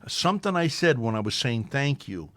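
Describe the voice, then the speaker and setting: A man speaks in a mid-range voice at a moderate pace. Hosting a local talk radio show, he rambles through an anecdote in casual conversation, animated throughout and performing other people's voices.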